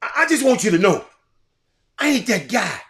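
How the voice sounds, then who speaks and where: An older man with a drawl delivers a heated monologue as a show host, his fairly high voice leaping all over its range. He repeats words and swings from loud outbursts to quiet musing. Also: sing-song, normal speed. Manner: fiery, repetitive, swinging from shouting to quiet. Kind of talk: impassioned monologue.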